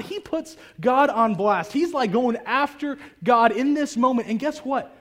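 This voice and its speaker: A man preaching a sermon to a congregation in a conversational, animated way. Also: extremely high pitch, unhurried, hardly any pauses. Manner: conversational and animated, acting out prayers. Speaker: pastor. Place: church hall with a congregation.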